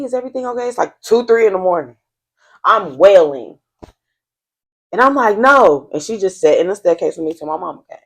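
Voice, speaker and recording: A young woman on a podcast telling a candid personal story, blunt and full of slang and swearing. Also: deep voice. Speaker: podcast guest. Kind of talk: casual chat.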